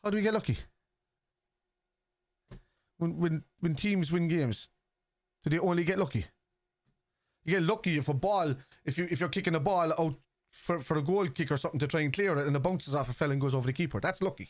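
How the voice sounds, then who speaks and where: A man's voice: on the high side, a little fast, long pauses, no echo. A man with a Scouse accent, hosting a football watchalong live stream, reading viewers' chat aloud and answering it in a casual, chatty way.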